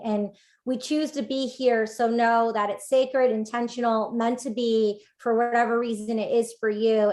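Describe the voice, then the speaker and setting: A woman guest on a podcast, a life coach, chatting casually in an upbeat, rambling way. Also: a little high. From United States. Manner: rambling, upbeat, many fillers. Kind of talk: casual interview chat.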